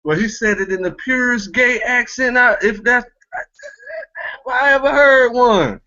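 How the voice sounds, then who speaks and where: A man's voice: very high voice, unhurried, bright, forceful tone, muffled recording. A man hosting a casual commentary chat, mocking and laughing often, speaking in loose street slang. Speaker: commentary show host.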